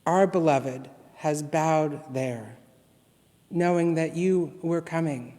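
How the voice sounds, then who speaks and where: A man serving as guest minister, reading a litany and a poem aloud in worship with a slow, measured, solemn delivery. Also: on the high side, warm tone. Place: church sanctuary. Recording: long reverb from a large hall.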